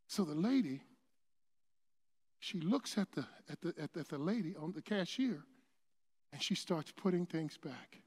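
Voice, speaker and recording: A man preaching a sermon, telling a personal story in a loose conversational way and building to shouted peaks. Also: a little high, expressive, measured pace, pauses often, slightly rough. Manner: conversational storytelling with many restarts. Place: church sanctuary. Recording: long hall reverb.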